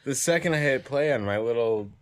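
A man's voice: mid-range voice, lively intonation, brisk. A man in his twenties, a music producer, telling stories in a loose, rambling podcast chat. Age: 20s. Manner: loose, rambling storytelling full of "like".

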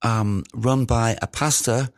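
A man, a musician, recounting studio stories in a rambling, casual way with many pauses. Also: mid-range voice, fairly even intonation, dry recording. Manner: rambling, many ums and restarts. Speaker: musician guest. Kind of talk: casual anecdotal storytelling.

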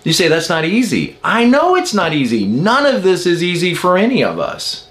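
A man's voice: high voice, wildly swooping pitch, moderate pace, a bit bright. A man teaching the Enneagram in an informal, emphatic way, with many rhetorical questions to his viewers.

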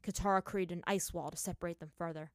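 A woman narrating a fan fiction story in a measured, dramatic reading. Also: fairly low pitch, steady tone, no echo, clean studio sound.

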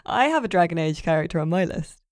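Female podcast host, low-ish smooth voice, teasing, dry close mic. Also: lively intonation, no room sound. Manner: playful, teasing, quick to laugh along. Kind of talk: casual podcast chat.

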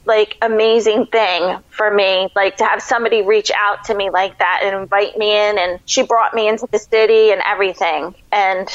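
A middle-aged woman telling an emotional story as a podcast guest, with lots of "like" fillers. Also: mid-range voice. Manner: gushing, emotional, many "like" fillers. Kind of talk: casual interview storytelling. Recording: dull lo-fi sound.

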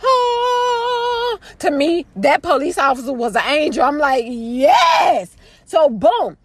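A woman telling a story about her family to viewers in a chatty, dramatic way, jumping between loud exclaims and low asides and calling out to the audience. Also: lively intonation, a little slow, no echo. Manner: chatty, addresses the audience directly with "girl" and "y'all". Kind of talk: casual storytelling to camera.

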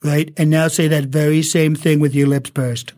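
A man, an actor and impressionist, chatting animatedly as a radio guest, with a slight speech impediment. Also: a little high. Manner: animated, acts out voices, quick asides. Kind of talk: casual chat.

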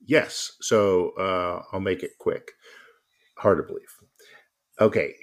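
A man's voice: sits low, slow pace. A man co-hosting a casual podcast, rambling and self-mocking as he talks. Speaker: podcast co-host.

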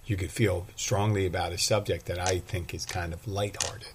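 Low-voiced rambling man podcasting solo. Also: steady tone, moderate pace, noisy background. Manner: rambling, self-deprecating, with restarts. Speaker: podcast host and bartender. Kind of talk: casual solo podcast monologue.

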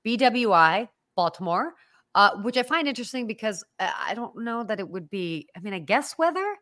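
Woman podcast co-host, animated and chatty, dry close sound. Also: medium pitch, moderate pace, no room sound. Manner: chatty, animated, laughs easily. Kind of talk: casual chat.

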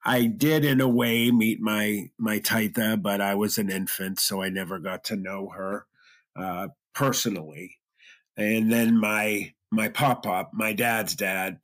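Earnest man, lowish voice, choked up. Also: fairly even intonation, measured pace. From half Lebanese, half German Irish heritage. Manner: earnest, emotional, many restarts. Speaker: guest telling his story. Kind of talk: personal storytelling interview.

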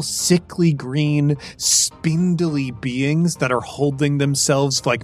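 Game master type, man with a fairly high voice, descriptive narrator over faint background music.

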